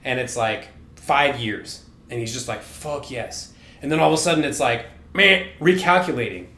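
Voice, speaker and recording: A man's voice: mid-range voice, fairly quick, a bit bright. Rambling, profane man retelling a story. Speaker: podcast co-host. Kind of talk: casual chat. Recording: roomy echoey room.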